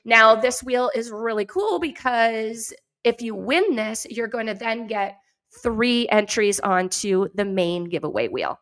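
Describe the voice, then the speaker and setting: A woman with a New Hampshire accent hosts a casual morning chat. Her voice sits a little high, and she talks in an upbeat, chatty way with easy laughter. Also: lively intonation, a little slow, fairly bright tone. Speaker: podcast host.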